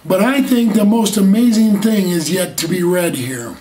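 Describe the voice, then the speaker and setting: In an echoey room, a far-off mic records a man preaching a sermon at normal speed in a high voice with a dark tone. He's earnest, drawing out key words and asking rhetorical questions.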